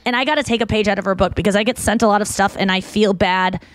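A woman's voice: medium pitch, steady tone, fast, dry recording. A woman hosting a podcast, chatting casually and rambling with lots of fillers and restarts. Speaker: podcast host. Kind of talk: casual chat.

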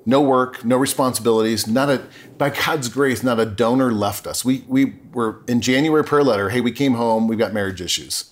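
A man's voice: medium pitch, moderate pace, hardly any pauses. A middle-aged man, a podcast guest, telling his life story in an earnest, emotional way and often correcting himself mid-sentence. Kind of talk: candid personal storytelling.

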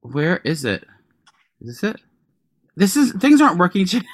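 A man's voice: high-pitched, wildly swooping pitch, normal speed, no echo. Casting: man, podcast co-host, rambling gossipy storyteller with crude asides, close dry sound. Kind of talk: casual chat.

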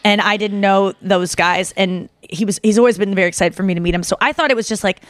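A woman podcast host telling a story in casual chat, animated and full of fillers, slipping into the voices of the people she describes. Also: medium pitch, fast talker, no room sound. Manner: animated, filler-heavy, acts out others' voices.

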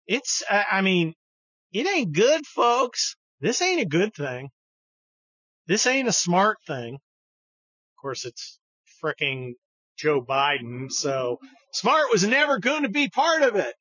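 A man's voice: sits high, very animated, slow pace, pushed and bright, husky, no room sound. A man hosting a podcast, giving casual political commentary in a heated, profane, sarcastic way. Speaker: podcast host. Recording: dull dry studio recording.

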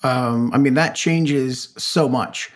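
A man as an interview guest, an animated storyteller who acts out quotes and uses many fillers. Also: medium pitch, slow. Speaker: comic creator guest. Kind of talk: casual interview talk.

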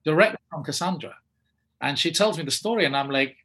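An English actor recounts a story from his career, throwing himself into the voices of everyone he quotes. His tone is a little husky, and his delivery is animated and conversational. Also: on the high side, fairly quick. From England. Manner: animated, acts out quoted people in changing voices. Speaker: actor, guest. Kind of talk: anecdotal storytelling.

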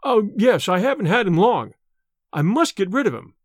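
A man voicing a nervous young student who stammers and rushes out evasive excuses. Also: high-pitched, big pitch swings, dry recording, studio quality.

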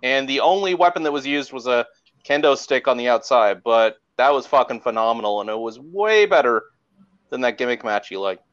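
A man's voice: mid-range voice, animated, a little fast, fairly bright tone, muffled recording. A man co-hosting a casual chat, challenging others and swearing freely. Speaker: podcast co-host. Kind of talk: casual debate.

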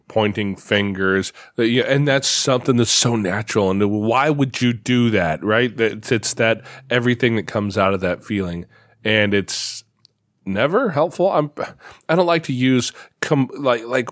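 A man's voice: fairly low pitch, no echo, studio quality. A man in his thirties talking casually from his home office, reflective and full of restarts. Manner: reflective, storytelling, many restarts. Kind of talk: casual conversation.

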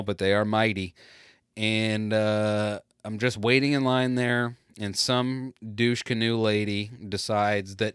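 A man's voice: lowish voice, a bit bright, clear, resonant tone, dry recording, studio quality. A man in his late thirties telling a rambling, self-deprecating story in a casual solo monologue. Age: 30s.

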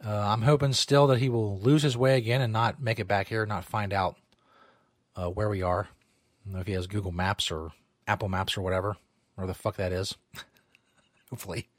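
A man's voice: lowish voice, fairly even intonation, normal speed, pauses often, dry recording, clean studio sound. A man hosting a comedy podcast, talking in a loose, rambling, self-mocking way, often swearing. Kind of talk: casual, profane show banter. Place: small home studio.

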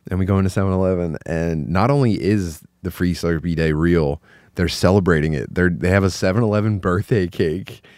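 A man with a fairly low voice co-hosts a podcast and chats casually. He rambles, trips over himself and circles back mid-sentence. The sound is dry and close, with almost no room around it. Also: a little fast, a little mellow, no echo. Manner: rambling, full of filler words and self-corrections. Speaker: podcast co-host. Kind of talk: casual chat.

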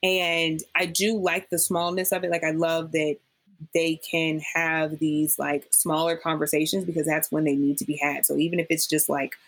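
This deep-voiced woman, speaking at a moderate pace, is a podcast guest in a conversational interview. She tells stories emphatically and with animation, acting out what people said to her.

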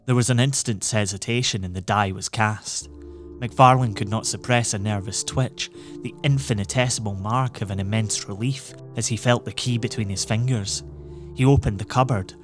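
A man narrating an audiobook in a measured, even storytelling manner. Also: fairly low pitch.

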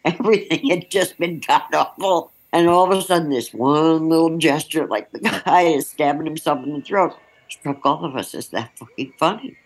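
In a roughly recorded interview, a woman journalist with a low voice frankly recounts a field assignment at a normal pace. Her telling is vivid, and she breaks into laughter now and then.

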